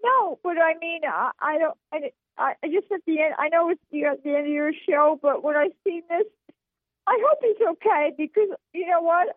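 A woman caller on a radio show, crying and talking in halting, broken phrases. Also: very high-pitched, no echo. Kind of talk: emotional call-in. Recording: phone line.

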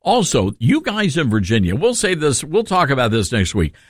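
A middle-aged man with a Tennessee Southern accent hosting a call-in radio talk show, chatty and upbeat and quick to laugh. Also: mid-range voice, huge pitch swings, dry recording, studio quality.

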